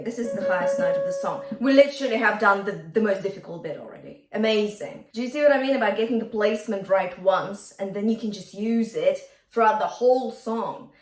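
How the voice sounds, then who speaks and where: A woman's voice: medium pitch, reverberant, distant mic. A woman vocal coach teaching a singing lesson, encouraging her students and breaking into sung examples.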